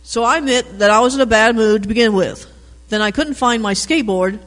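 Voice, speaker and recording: A man with a high voice reads a children's picture book aloud, animated, with chatty asides about the pictures. His voice rings with a long reverb, as in an echoing room. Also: fast. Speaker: reader.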